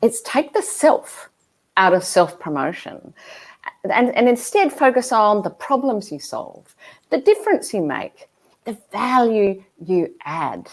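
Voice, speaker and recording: A woman's voice: medium pitch, very animated, measured pace. A woman, a guest speaker and author talking frankly and emphatically in a live video call interview. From Australia. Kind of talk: conversational interview.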